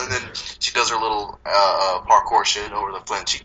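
A man's voice: sits high, fast, hardly any pauses, crowd noise, low-quality recording. A man casually chatting as a podcast co-host, joking and profane, laughing often and mimicking voices. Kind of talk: casual chat.

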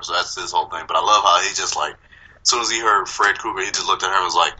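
A man's voice: low voice, quick pace, sharp tone, husky, rough recording. A man casually chatting as a podcast co-host, joking and profane, laughing often and mimicking voices. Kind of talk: casual chat.

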